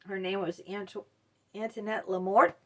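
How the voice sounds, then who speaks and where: A middle-aged woman hosting a mental health video, speaking candidly and emotionally to camera, halting often with fillers. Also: mid-range voice, steady tone, a bit bright. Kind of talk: personal talk to camera.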